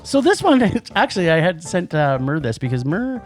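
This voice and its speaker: Guy rambling about films on a podcast, super lively pitch, laughs a lot, faint music behind. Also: normal speed. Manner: animated, rambling with restarts and laughs. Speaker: podcast co-host. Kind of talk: casual movie review chat.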